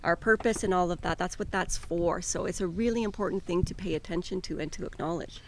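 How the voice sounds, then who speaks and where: Woman co-host, life coach, earnest and encouraging, fry-heavy gravelly voice. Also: fairly low pitch, a little fast. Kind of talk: casual conversational podcast.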